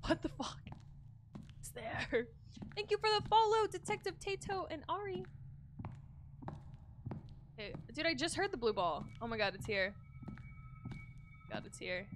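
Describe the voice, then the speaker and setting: A woman streaming a horror game live, excitable and swearing, yelping when scared. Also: a little high, background noise. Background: game music.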